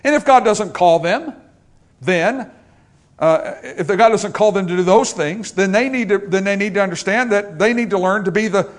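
A man's voice: high-pitched, moderate pace. An older man preaching a sermon as pastor, emphatic and repetitive, driving points home with rhetorical questions.

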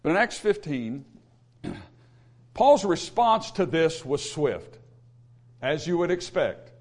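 Animated high-voiced male preacher. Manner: emphatic, repetitive, with humorous asides. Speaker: pastor. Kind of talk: sermon.

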